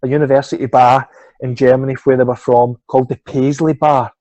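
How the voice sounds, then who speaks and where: A middle-aged Scottish swimming coach tells a long sports anecdote in a casual storytelling interview, swearing freely and doing the voices of the people involved. His mid-range voice is warm and level and moves fairly quickly. The recording has no room sound, and the highs are cut off.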